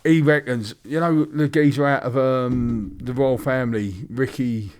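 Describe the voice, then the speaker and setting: A man's voice: mid-range voice, fairly even intonation, a little slow. Man, podcast co-host, casual chat, rambling stories. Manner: rambling storyteller, many restarts and side tracks.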